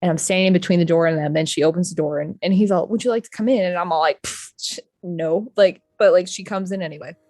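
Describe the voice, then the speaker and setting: A woman's voice: on the low side, quick pace, few pauses, warm tone, no echo, studio quality. A young adult woman recapping a tabletop game session in a rambling, profane, casual storytelling way. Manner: rambling, profane, acts out quotes. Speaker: player recapping the last session.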